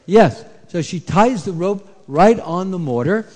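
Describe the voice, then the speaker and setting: A man telling a story to children at a temple, animated, asking them questions and hushing them. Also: sits high, a little slow. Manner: animated, asks the kids questions, hushes them. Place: temple hall. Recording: echoey hall.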